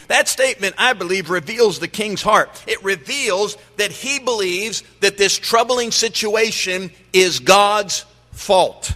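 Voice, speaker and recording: A middle-aged pastor preaches a sermon in a church sanctuary, his high-pitched, sharp voice animated and emphatic, rising and dropping to drive home his points. He keeps a measured pace with hardly any pauses, and the long reverb of a large hall fills the recording.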